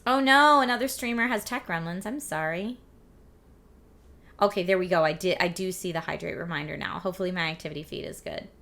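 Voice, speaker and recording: A woman in her forties with a slightly husky, scratchy voice and a lingering cough, hosting a casual live stream and reading viewer chat aloud. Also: on the low side, fairly quick, a bit bright. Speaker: streamer host.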